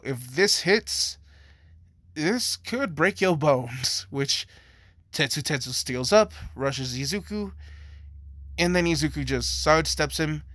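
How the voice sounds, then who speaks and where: A man's voice: fairly high pitch, a bit bright, no room sound. A young man casually narrating a fan story, rambling with lots of "like" and "you know". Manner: rambling, filler-heavy.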